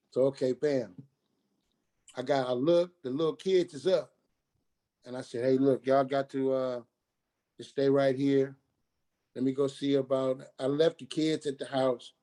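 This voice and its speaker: Dark-voiced man telling a painful story. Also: medium pitch. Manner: halting, repeats and restarts, quoting others in dialogue. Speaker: guest telling his life story. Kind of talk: personal storytelling on a radio talk show.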